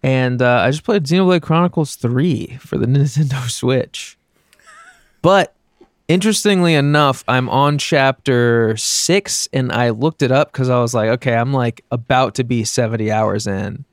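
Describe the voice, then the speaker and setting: A man's voice: mid-range voice, a little slow, no echo, clean studio sound. A man co-hosting a podcast, talking casually and at length about a video game he is playing. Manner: laid-back, rambling gamer talk. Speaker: podcast co-host. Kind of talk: casual chat.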